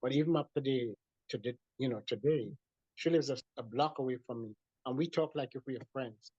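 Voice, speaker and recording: A man, a guest in an interview, telling a personal story in an animated way with many restarts. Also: medium pitch, fairly quick, slightly rough, dry recording. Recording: dull lo-fi dry sound.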